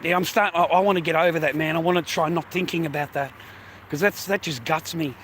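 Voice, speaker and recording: A man's voice: a little high, fairly even intonation, fast talker, fairly bright tone, a little hiss or hum. An Australian man griping at his live-stream chat in casual talk, swearing heavily and laughing between complaints. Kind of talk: casual livestream rant.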